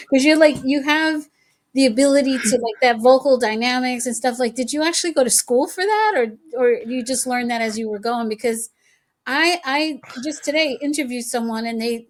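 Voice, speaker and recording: A woman hosting a podcast, chatty in casual conversation and laughing between words. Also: a little high. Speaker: podcast host.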